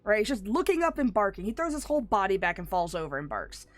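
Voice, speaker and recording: A woman's voice: mid-range voice, very animated, fast talker. A sick woman streaming a game, chatting and telling rambling stories. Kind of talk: casual gaming stream chat.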